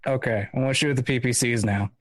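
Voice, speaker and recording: A man's voice: medium pitch, steady tone, fast, dry recording. Guy at a tabletop game, blunt, swears a bit, dry sound. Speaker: player. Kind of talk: casual tabletop game chat.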